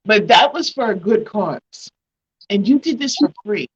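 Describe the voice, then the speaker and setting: A woman's voice: mid-range voice, animated, measured pace, breathy edge, highs cut off. A woman hosting a talk show, speaking at length and with feeling as she thanks her guest. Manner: emotional, grateful, talks at length. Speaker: host.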